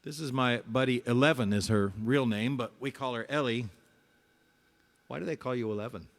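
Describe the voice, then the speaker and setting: A man's voice: medium pitch, moderate pace. Joking man hosting a music show. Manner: relaxed, jokey, tells jokes between songs. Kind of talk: casual live-stream chat and song. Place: small home recording studio.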